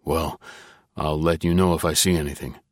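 A man voicing a tall, guarded neighbor who speaks calmly, politely and a little dryly. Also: extremely low pitch, normal speed, no room sound. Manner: calm, polite, dry and dubious.

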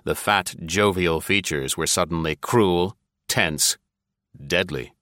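A man narrating an adventure story in a measured, even storytelling manner. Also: sits low, no echo, clean studio sound. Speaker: audiobook narrator. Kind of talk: scripted narration.

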